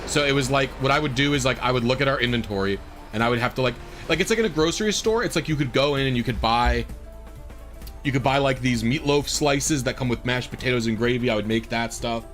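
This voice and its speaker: A man's voice: mid-range voice, fast, a bit bright, faint music behind. A man streaming a game, rambling casually through a story with lots of fillers and exasperated asides. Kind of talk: casual storytelling while gaming.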